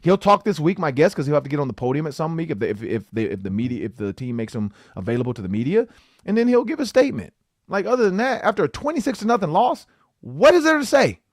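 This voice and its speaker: A man's voice: fairly high pitch, very animated, quick pace, no echo, clean studio sound. A man hosting a sports podcast, talking loosely and animatedly with lots of filler words. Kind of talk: casual sports talk.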